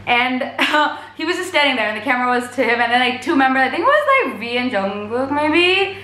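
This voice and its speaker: Gushing bright-voiced woman in an echoey room. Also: sits high, lively intonation, a little fast. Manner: gushing, chatty, filler-heavy retelling. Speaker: vlogger recounting a concert. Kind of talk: casual storytelling to camera.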